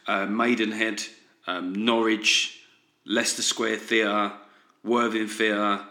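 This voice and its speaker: Sardonic comedian ranting, bright voice. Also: male voice, lowish voice, flat delivery, takes it slowly. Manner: sardonic ranting with "right?" asides. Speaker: comedian podcast host. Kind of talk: solo comedy podcast monologue. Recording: roomy echo.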